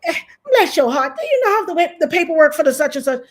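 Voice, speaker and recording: A woman's voice: very high voice, very animated, quick pace, pitched above the performer's own voice. A woman voicing a sugary-sweet, two-faced Southern woman coworker in a syrupy, falsely sweet tone.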